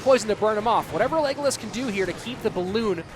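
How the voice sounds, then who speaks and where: A man doing live play-by-play esports commentary, quick and chatty, joking with his viewers between plays. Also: high-pitched, expressive, background noise. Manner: quick, chatty, jokes with the audience. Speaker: esports caster. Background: music.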